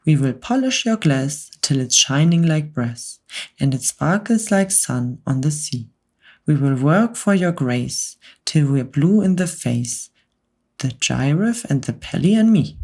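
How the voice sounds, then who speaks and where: A woman's voice: low voice, animated, a little slow, a little mellow, heavily acted. A woman voicing a cheerful male monkey in an ASMR whispered role-play, with a sing-song delivery.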